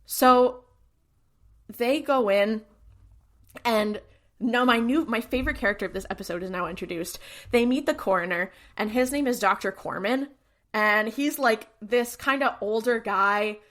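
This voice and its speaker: A woman co-hosting a podcast, retelling episodes in casual chat and acting out quick character voices. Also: on the high side, a bit bright. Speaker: podcast co-host.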